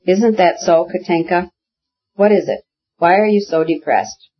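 A reader voicing a jovial, chatty colonel, husky-voiced. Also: mid-range voice, unhurried, highs cut off, pitched above the performer's own voice, natural voice. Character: older man, a colonel, jovial and talkative. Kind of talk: audiobook character reading.

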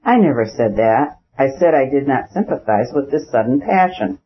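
A man reading an audiobook, voicing a proud young nobleman who talks deliberately while holding back his anger, on a dull lo-fi recording. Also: medium pitch, lively intonation, natural voice. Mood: restrained anger.

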